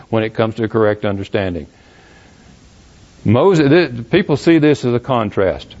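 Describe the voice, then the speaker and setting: A man's voice: mid-range voice, a little mellow. Emphatic man teaching scripture, lo-fi. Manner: questioning, emphatic, rereads verses aloud. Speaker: Bible teacher. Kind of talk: verse-by-verse Bible teaching. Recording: dull lo-fi recording.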